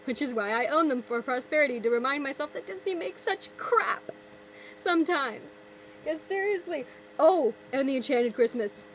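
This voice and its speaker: High-voiced woman ranting in exasperation. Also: expressive, normal speed, fairly bright tone, a little hiss or hum, rough recording. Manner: exasperated, sarcastic, repeats and restarts words. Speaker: vlogger. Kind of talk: ranting vlog commentary.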